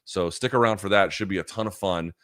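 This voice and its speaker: Low-voiced profane livestream host. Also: male voice, quick pace, fairly bright tone, dry recording, clean studio sound. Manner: profane, heated rants with frequent filler and restarts. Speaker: live chat show host. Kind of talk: casual livestream chat answering viewer questions.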